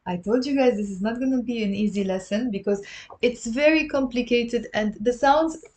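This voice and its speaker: A woman teaching a live-streamed language lesson, patiently repeating words slowly for her learners. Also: fairly high pitch, darkish tone. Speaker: Lebanese Arabic teacher. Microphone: livestream camera mic.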